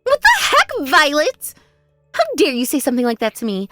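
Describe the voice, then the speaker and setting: A woman's voice: a little high, rapid-fire, dry recording, clean studio sound, faint music behind, lightly acted. A woman voicing a spoiled younger sister who boasts and mocks in a text-message story drama. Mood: indignant. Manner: mocking, taunting, gloating.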